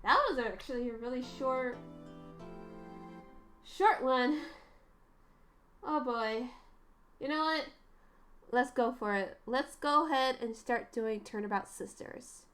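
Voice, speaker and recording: Chatty, excitable woman streamer, high voice, unhurried, game music behind. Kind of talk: casual game play-through commentary.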